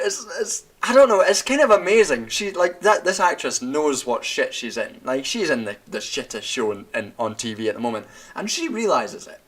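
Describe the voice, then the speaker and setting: A young man, drinking wine while ranting about a TV show in a profane, animated way, laughing and tripping over his words. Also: on the high side. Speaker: vlogger. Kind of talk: casual rant.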